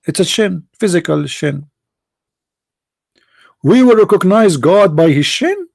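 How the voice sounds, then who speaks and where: A man with a fairly high voice hosts a live religious debate stream. He speaks sarcastically and taunts opponents by name, recorded dry and close with no room sound. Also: lively intonation, takes it slowly, gravelly, a little mellow, no room sound. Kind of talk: mocking live-stream polemic.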